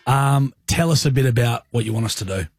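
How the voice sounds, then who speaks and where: A man's voice: medium pitch, a little fast, breathy edge, dry recording. A man with an Australian accent hosting a radio show, joking and chatting in laid-back slang. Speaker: radio host. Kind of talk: casual radio banter.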